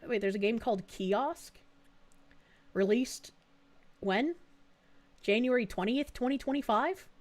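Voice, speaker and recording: A woman streaming a game live, reacting in an excitable, exclaiming way and swearing freely. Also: high voice.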